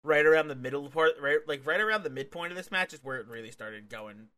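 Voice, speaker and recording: A young man in an easygoing wrestling review chat, his voice bright and a touch high. He laughs often and jumps into animated bits acting out the wrestlers. The talk is loose, with restarts and fillers. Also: fast talker. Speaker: podcast co-host.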